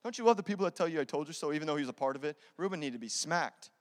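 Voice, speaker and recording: A young adult man preaching a sermon as pastor, animated, moving between loud declarations and hushed, intimate asides. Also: a little high, rapid-fire, long reverb tail.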